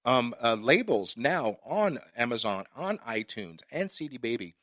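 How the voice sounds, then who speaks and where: A man's voice: mid-range voice, very animated, a little slow, fairly bright tone, no room sound. Guy hosting a podcast, going off on a passionate rant, swears a lot, dry close mic. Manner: passionate, ranting, profane. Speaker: podcast host. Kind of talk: casual interview chat.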